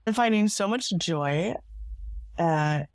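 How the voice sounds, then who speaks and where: A woman hosting her own podcast, talking in a reflective, earnest way with a hoarse, gravelly voice from being sick. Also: lowish voice, expressive, takes it slowly, dry recording, studio quality. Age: adult parent. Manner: reflective and earnest, with small laughs. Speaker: podcast host. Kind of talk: solo podcast monologue.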